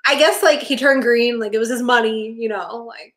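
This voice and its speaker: Chatty young woman with a highish voice. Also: normal speed, a bit bright. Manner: chatty, acts out characters' lines, lots of "like". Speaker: podcast co-host. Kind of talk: casual chat recapping a TV episode.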